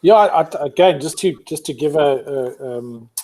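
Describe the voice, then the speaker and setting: Male host interviewer, warm dark husky voice, deliberate and searching phrasing. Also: on the high side. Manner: measured, builds up a point with restarts. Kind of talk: interviewer's casual chat.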